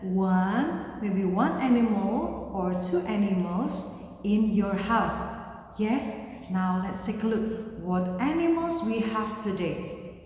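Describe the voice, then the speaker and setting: A woman with an Indonesian accent teaching young children an English lesson, speaking slowly in simple words and making animal sounds. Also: mid-range voice, animated, darkish tone. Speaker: kindergarten teacher. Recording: very echoey room with long reverb.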